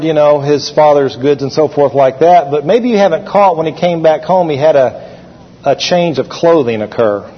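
Husky preacher in an echoey hall. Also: male voice, a little high. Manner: folksy storytelling with fillers. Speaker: pastor. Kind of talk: sermon. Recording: echoey hall, dull sound.

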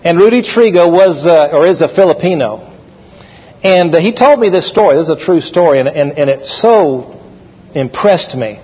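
A man's voice: on the high side, lively intonation, moderate pace, breathy edge. A man preaching a sermon in a folksy storytelling manner with fillers. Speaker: pastor. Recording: echoey hall, dull sound.

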